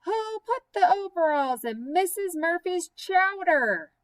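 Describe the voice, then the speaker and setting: A woman voicing an indignant woman who keeps repeating her question louder, in a high, shrill, strained shout. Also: big pitch swings, slow pace, heavily acted. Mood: insistent.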